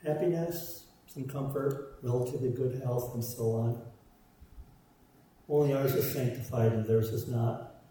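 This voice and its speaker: A man's voice: medium pitch, steady tone, measured pace, dark tone, a little hiss or hum. A man preaching a sermon, stressing his points through repeated parallel phrases. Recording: roomy echo, voice from far off.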